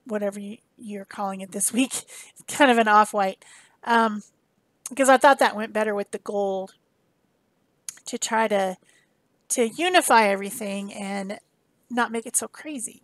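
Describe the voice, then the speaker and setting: A woman's voice: medium pitch, no echo. A woman giving a casual, rambling voice-over of her mixed media art, often correcting herself as she goes. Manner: chatty, rambling, self-correcting. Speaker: art instructor. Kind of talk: casual craft demonstration voice-over.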